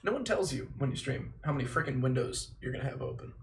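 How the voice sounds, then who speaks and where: A man's voice: medium pitch, expressive, fast talker, creaky, a little hiss or hum. Chatty, swearing male livestreamer. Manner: chatty and self-deprecating, with mild swearing. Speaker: livestreamer memorizing a play. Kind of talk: casual livestream chat.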